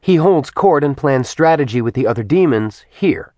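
A man's voice: medium pitch, animated, moderate pace, darkish tone, no room sound, pitched above the performer's own voice, close to an everyday voice. A man voicing a determined young woman who briefs her team. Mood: brisk.

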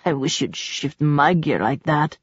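Brief: woman reading roguish warrior man, wry and suggestive, low and dry. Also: expressive, measured pace, husky, no room sound, full character voice. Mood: sardonic flirting. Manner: dry, sarcastic and flirtatious. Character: teasing lecherous grown man, a former warrior general. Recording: dull dry recording.

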